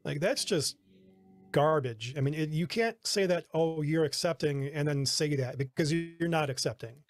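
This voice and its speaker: Easygoing man with a slightly high voice. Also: normal speed, no echo, soft background music. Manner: easygoing, laughs while talking. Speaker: podcast guest, church worker. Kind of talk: casual interview chat.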